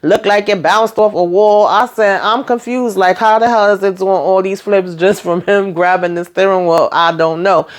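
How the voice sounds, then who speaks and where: A woman vlogger giving a casual, animated recap of a TV episode. She talks to her viewers in slangy, chatty speech and acts out the characters' lines. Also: medium pitch, moderate pace, hardly any pauses. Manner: animated retelling, acting out dialogue, frequent laughs; slangy, addresses viewers directly.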